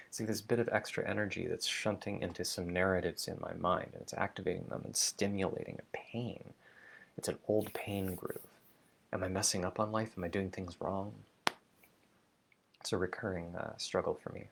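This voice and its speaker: A man talking slowly and thoughtfully in a personal video diary, musing aloud with many fillers and restarts. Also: low voice, steady tone, vocal fry, breathy edge. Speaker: vlogger. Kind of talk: reflective spoken diary.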